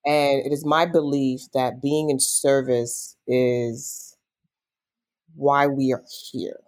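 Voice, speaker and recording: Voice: mid-range voice, little pitch movement, slow pace, a little mellow. A life coach speaking as a podcast guest in an earnest, reflective way, musing on personal growth. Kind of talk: casual conversational interview.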